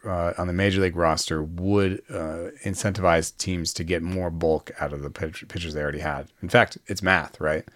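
A baseball analyst chats casually on a podcast in a smooth, deep voice, laughing often and filling his speech with fillers and restarts. The recording is studio quality with no echo.

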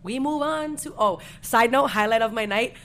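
A woman's voice: a little high, normal speed, fairly bright tone, slight background noise. A young woman in her twenties, co-hosting a podcast, telling a story in casual, profane slang. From Puerto Rican family. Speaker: podcast co-host.

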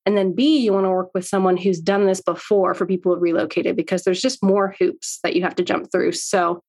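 A woman's voice: fairly low pitch, steady tone, fairly quick, darkish tone. A woman in her thirties from Canada with a slight Southern US accent, a friendly interview guest who laughs easily and speaks wryly. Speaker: guest, real estate agent. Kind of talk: casual interview chat.

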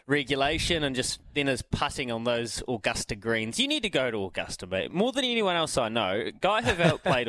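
A man co-hosting a sports radio show with eager enthusiasm. He laughs and trips over restarts as he talks. His voice is middling in pitch and dry. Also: fairly bright tone, no room sound. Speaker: radio co-host. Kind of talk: casual radio banter.

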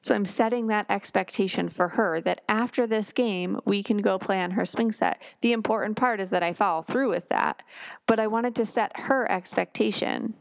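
There's a gravelly quality to her medium-pitched voice, which moves at a moderate pace with no room sound around it. Hosting a parenting podcast by herself, she talks casually and tells stories warmly, acting out quoted lines complete with sighs and exclamations.

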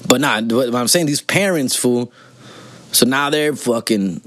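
A man's voice: mid-range voice, unhurried, a bit bright, dry recording. A man in his forties hosting a podcast, talking casually and comically, full of swearing and slang, and switching between English and Spanish. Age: 40s. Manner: profane, slangy, switches between English and Spanish, constantly says "fool" and "dog". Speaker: podcast host. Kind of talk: casual comedic monologue.

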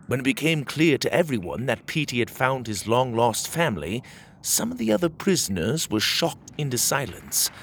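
A man narrating a children's storybook in an animated, expressive way. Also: mid-range voice, a little hiss or hum.

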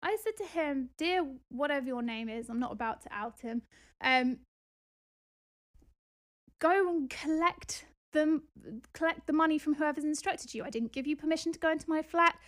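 High-voiced, indignant woman. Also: moderate pace. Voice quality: animated, indignant retelling with exasperated outbursts. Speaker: podcast host and property investor. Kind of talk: casual storytelling podcast.

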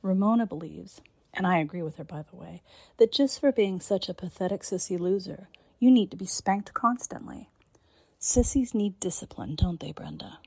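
A woman performing a scripted dominant role-play monologue in a commanding, taunting manner, often dropping into breathy whispers. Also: mid-range voice, normal speed, darkish tone, no room sound. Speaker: narrator.

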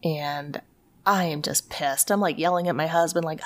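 A woman from Tennessee who hosts a ghost story podcast, telling a story in casual chat, animated and sweary with lots of "like". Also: low-pitched, normal speed.

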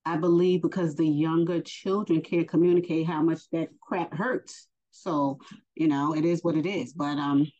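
A woman giving a casual spoken religious lesson, unhurried and hesitant with many fillers. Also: deep voice, fairly even intonation, mellow. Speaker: faith teacher. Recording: dull lo-fi recording.

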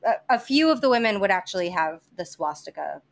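A woman's voice: medium pitch, big pitch swings, fast, gravelly. A woman hosting a podcast, telling a history story in casual chat, with many fillers, restarts and some swearing. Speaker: podcast host presenting history.

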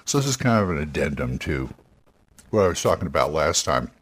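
This podcast host gives roleplaying game advice on a talk show, his voice rumbling low with a breathy edge. He's very animated and fairly quick, rambling casually, often correcting himself and encouraging listeners.

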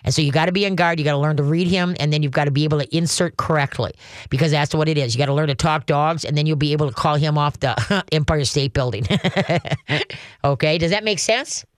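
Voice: medium pitch, quick pace, no echo, clean studio sound. A dog trainer giving call-in advice in a folksy, rambling way, often checking in with "okay?". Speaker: dog trainer answering a caller.

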